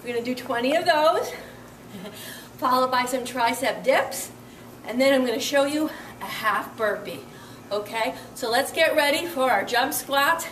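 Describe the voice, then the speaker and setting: A high-pitched woman coaches a workout with upbeat encouragement, counting reps and panting as she exercises along. Her voice comes from a distance into a roomy, echoey space with a faint hiss behind. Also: expressive, a little slow, a bit bright. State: out of breath. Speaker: fitness instructor. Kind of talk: workout instruction. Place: indoor room with carpeted floor.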